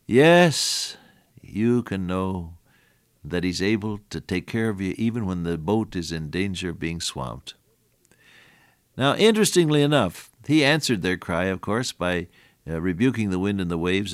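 A man's voice: sits low, dry recording, clean studio sound. An older man preaching an earnest radio sermon, his voice rising and dropping in volume for emphasis.

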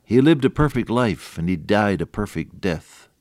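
A man's voice: on the low side, animated, normal speed, darkish tone, no room sound, clean studio sound. A man delivering a radio sermon, telling stories in a conversational way that builds to earnest, emphatic points. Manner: earnest, rises to emphatic peaks; conversational, with chuckles and restarts. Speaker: radio preacher.

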